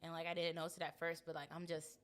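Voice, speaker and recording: A woman's voice: deep voice, flat delivery, very fast, fairly bright tone. A young woman co-hosting a podcast in casual chat, blunt and slangy, laughing often. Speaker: podcast co-host.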